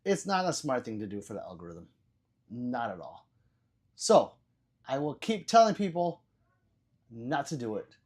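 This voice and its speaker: An older man hosting a livestream, reading chat aloud in a profane, rambling way, stammering and repeating words and swinging between loud bursts and low mutters. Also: sing-song, unhurried, long pauses. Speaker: livestream host.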